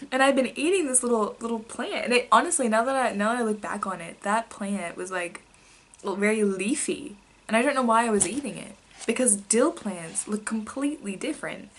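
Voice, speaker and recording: A young woman vlogger casually telling childhood stories to camera, rambling with many fillers and sometimes dropping to a soft whisper. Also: mid-range voice, a little hiss or hum.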